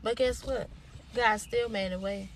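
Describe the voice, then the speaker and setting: Here a young adult woman gives an inspirational talk straight to camera in the role of a motivational speaker. Her mid-range voice holds a steady tone at a slightly slow pace, with a little hiss or hum in the recording. Casual and colloquial, she repeats herself emphatically in the manner of a preacher urging on a crowd.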